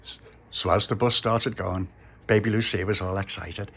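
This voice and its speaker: A man's voice: fairly low pitch, fairly even intonation, moderate pace, creaky, pushed and bright, husky. A man telling a story with toys in a chatty, chuckling way. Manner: chatty, chuckling between lines. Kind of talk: toy storytelling.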